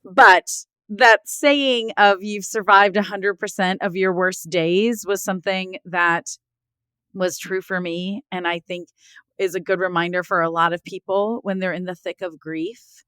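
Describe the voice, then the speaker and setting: Earnest woman with a smooth voice. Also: mid-range voice, steady tone, unhurried, sharp tone, dry recording. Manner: earnest and heartfelt, leans on "like" and "right?". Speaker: guest author. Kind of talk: candid podcast interview.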